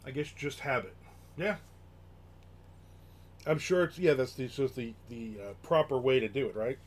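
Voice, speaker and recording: A man's voice: medium pitch, normal speed, a little hiss or hum. Chatty man rambling on a live stream. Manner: chatty, rambling, reads chat aloud. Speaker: livestream host. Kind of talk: casual live-stream chat.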